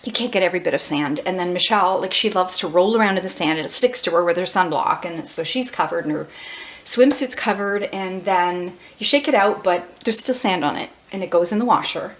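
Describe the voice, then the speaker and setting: A woman's voice: fairly low pitch, a little fast. A woman home vlogger talking casually in a flustered, rambling way, her voice shaken and trembling. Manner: rambling, flustered, many fillers and restarts. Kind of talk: casual rambling vlog talk.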